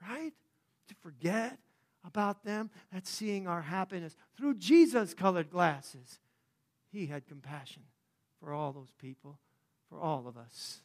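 A man preaching a sermon in a conversational way, dropping to a hush and then rising to fervent emphasis. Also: high-pitched, animated, unhurried. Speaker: pastor.

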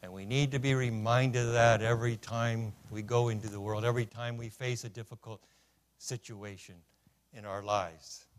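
A man preaching a sermon, telling stories with punchlines and swinging between loud declarations and hushed lines. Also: medium pitch, steady tone, normal speed. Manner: storytelling with punchlines. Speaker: pastor.

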